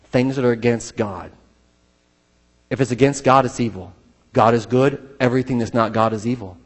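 Male pastor, husky timbre, conversational preacher with restarts and dynamic swings, recorded in a reverberant church hall. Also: mid-range voice, moderate pace. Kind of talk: sermon.

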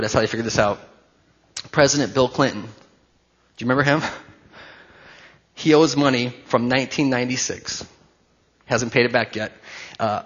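A man in his forties, a pastor, giving a conversational sermon with jokes, then leading a quiet prayer. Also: mid-range voice, dull audio.

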